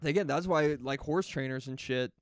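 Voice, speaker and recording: A man's voice: fairly high pitch, normal speed, no echo, clean studio sound. A man co-hosting a comedy podcast, telling rambling stories full of profanity in casual banter. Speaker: podcast co-host.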